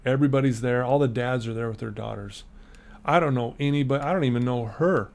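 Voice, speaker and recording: A fast-talking middle-aged man from Utah, gravelly at medium pitch, appears as a podcast guest. In a casual interview he relates a personal story with animation, playing the voices of the people who appear in it.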